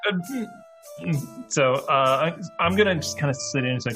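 A man's voice: a little high, normal speed, bright, forceful tone, soft background music. A man playing a tabletop role-playing game, talking hesitantly with lots of ums and dry jokes. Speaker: player.

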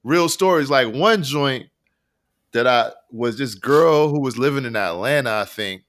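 A man's voice: mid-range voice, expressive, unhurried, fairly bright tone. Man telling rambling, profane stories. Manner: rambling, profane, slangy storytelling. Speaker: podcast co-host. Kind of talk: casual podcast chat.

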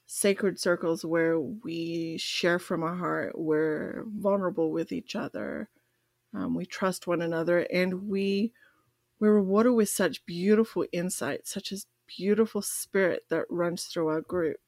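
A woman co-hosting a podcast in casual chat, bubbly and quick to laugh. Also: lowish voice, steady tone, darkish tone, no echo, studio quality. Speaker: podcast co-host.

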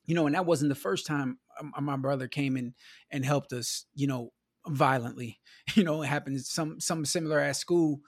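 A man from the American Midwest tells stories from his childhood in an easy, rambling manner, filling his talk with "you know", "man" and "bro". His voice sits a bit higher than most men's, and the sound is close and dry, with no room echo. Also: normal speed. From Milwaukee, US Midwest. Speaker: podcast guest. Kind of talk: casual storytelling conversation.

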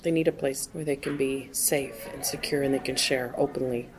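A woman's voice: a bass voice, fairly even intonation, moderate pace, music in the background. A woman answering interview questions at a conference, effusive and full of exclamations. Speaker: conference attendee, AA member.

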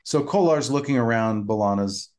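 A man's voice: medium pitch, normal speed, a little mellow. A man co-hosting a podcast, casually recapping an episode and retelling scenes in detail. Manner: retells scenes in detail, quoting lines in character voices. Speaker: podcast co-host.

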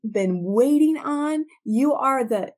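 A woman's voice: high voice, lively intonation, takes it slowly, darkish tone, pitched above the performer's own voice, exaggerated voice. A woman voicing an awestruck male follower, marveling breathlessly at a revelation. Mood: awed.

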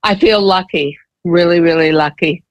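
A woman's voice: on the low side, moderate pace, no room sound, lo-fi sound. A woman sharing personal stories as a guest in a conversation, candid, emotional and emphatic.

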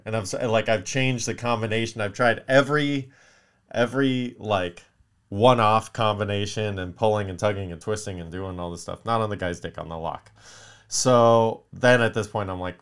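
A man's voice: sits low, moderate pace, clean tone. A young man casually telling a rambling, profane story to his viewers, dropping into muttered whispered curses.

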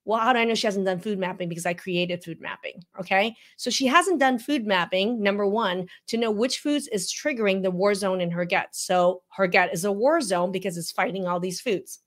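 Emphatic female health practitioner, live reaction commentary, teacherly and animated. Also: mid-range voice, brisk, hardly any pauses. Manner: frequent "okay?" check-ins. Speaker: functional medicine practitioner.

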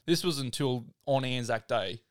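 An Australian man hosting a podcast, retelling a true story in a relaxed way, full of "like". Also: medium pitch, moderate pace, dry recording, studio quality. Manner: relaxed, filler-heavy retelling with "like". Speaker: podcast host. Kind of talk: casual storytelling.

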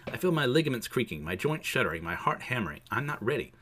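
A man's voice: mid-range voice, very animated, fast, pushed and bright. A man reading the inner monologue of an exhausted, self-doubting young superhero. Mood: strained.

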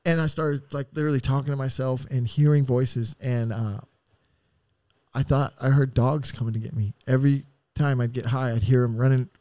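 A man telling his rough story on a podcast, with an average pitch and a bluntly profane, animated way of talking. His voice is close and dry, with no room echo. He jumps into quoted voices as he retells what happened. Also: normal speed. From San Diego area. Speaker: podcast guest. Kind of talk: candid storytelling.

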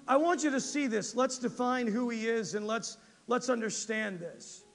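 High-voiced, gravelly man preaching. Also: normal speed, few pauses, big-room sound, soft background music. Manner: animated, conversational, checks in with the congregation often. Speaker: pastor. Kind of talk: sermon. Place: church sanctuary.

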